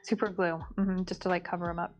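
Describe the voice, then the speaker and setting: Upbeat female co-host, mid-pitched, slightly muffled, quiet music underneath. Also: little pitch movement, quick pace. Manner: upbeat, encouraging, short affirmations. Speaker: comedy show co-host. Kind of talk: casual chat.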